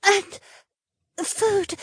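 A woman voicing a weak, gentle young mermaid with a raspy, hesitant voice in an audiobook. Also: extremely slow. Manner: soft, breathy and hesitant.

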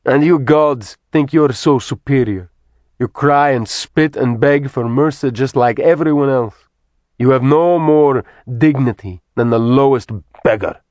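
A man's voice: mid-range voice, unhurried, a little mellow, dry recording, pitched above the performer's own voice, lightly acted. A man voicing a cruel, gloating male villain who taunts and mocks in an audiobook reading. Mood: contemptuous. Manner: mocking, taunting.

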